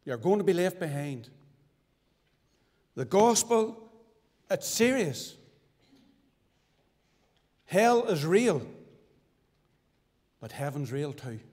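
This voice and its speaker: A man from Northern Ireland giving his testimony as a sermon, with fervent preaching that swings sharply between loud and hushed. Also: fairly high pitch, very animated, slow pace, long pauses. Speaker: testimony speaker at a church. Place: church hall. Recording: church recording with long reverb.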